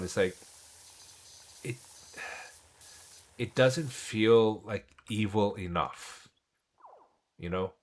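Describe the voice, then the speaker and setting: A man's voice: fairly low pitch, a bit bright, a little hiss or hum, poor audio. A man streaming a game and chatting casually with viewers, rambling with many restarts. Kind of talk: casual chat while gaming.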